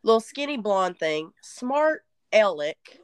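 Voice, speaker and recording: Animated woman telling a story. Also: mid-range voice, slow. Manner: animated storyteller, drawling, self-mocking. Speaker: podcast co-host. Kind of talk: casual chat.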